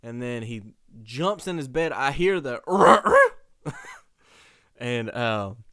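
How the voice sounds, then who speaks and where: Young man, podcast host, casual storytelling, slangy, smooth voice, dry sound. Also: mid-range voice, measured pace, no echo. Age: young adult. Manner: animated, slangy, laughs often.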